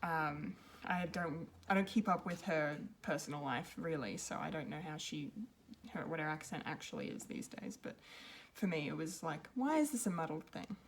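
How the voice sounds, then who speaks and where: A woman's voice: low-pitched, fairly even intonation, moderate pace. A woman giving an unscripted film review, rambling and hesitant, with many ums and restarts. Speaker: pop culture reviewer.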